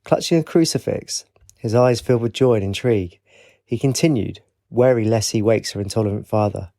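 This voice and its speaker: A man reading a fantasy audiobook as narrator, in a measured, even reading. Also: lowish voice. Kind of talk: scripted narration.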